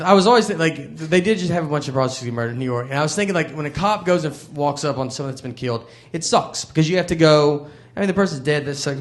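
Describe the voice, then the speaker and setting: A man doing stand-up, telling meandering stories in a deadpan way. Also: fairly high pitch. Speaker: stand-up comedian. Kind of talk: stand-up routine.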